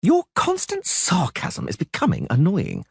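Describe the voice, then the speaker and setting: A man voicing a vain, flamboyant young bard who talks excitably and dramatically in an audiobook. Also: sits high, a little slow, gravelly, slightly rough, dry recording, studio quality, pitched above the performer's own voice, full character voice. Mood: excitable flamboyant. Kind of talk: audiobook character voice.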